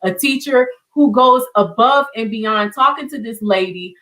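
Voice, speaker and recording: A woman's voice: on the high side, a little slow, a bit bright, poor audio. A woman hosting an online community show, speaking with heartfelt emotion and often repeating her words. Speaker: host. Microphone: video call.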